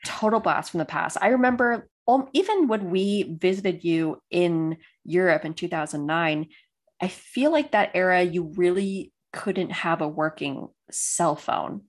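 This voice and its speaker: Female co-host with a lower voice, casual and self-deprecating. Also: a little slow. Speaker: podcast co-host. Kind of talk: casual chat.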